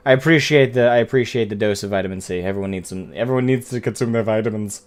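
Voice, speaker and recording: A man's voice: on the low side, fast, hardly any pauses, clear, resonant tone. A man streaming a game, chatting casually in a rambling, profane way, often correcting himself. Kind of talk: casual live-stream chat.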